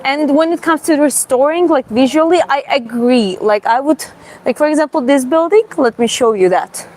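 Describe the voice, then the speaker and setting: A young woman from Georgia with a Georgian accent gives a casual live-streamed walking tour, talking haltingly with many fillers and restarts. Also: high-pitched, darkish tone. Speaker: vlogger giving a city walking tour. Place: outdoors on a city street. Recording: faint street traffic behind.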